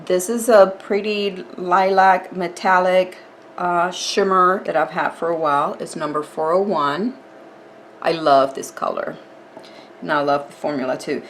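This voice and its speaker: A woman with a fairly low voice walks through a nail art tutorial, chatty and relaxed, explaining each step as she goes. There is a faint hiss in the background. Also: a little slow.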